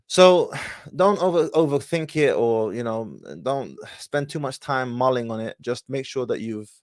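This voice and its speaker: A man's voice: medium pitch, darkish tone, no echo. Confident male host, dry close sound. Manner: confident, direct, uses Arabic Islamic phrases. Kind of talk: advice call-in show.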